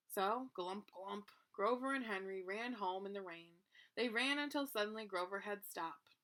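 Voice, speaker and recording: A woman reading a children's picture book aloud with expressive narration. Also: medium pitch, normal speed. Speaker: reader. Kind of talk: children's storybook read-aloud.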